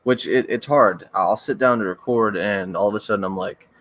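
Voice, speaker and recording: A young man, a horror story narrator, chatting casually on a livestream, rambling and hesitant, his voice cracking and needing throat-clearing now and then. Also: lowish voice, brisk, a bit bright, no room sound. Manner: rambling, hesitant, with many restarts and fillers.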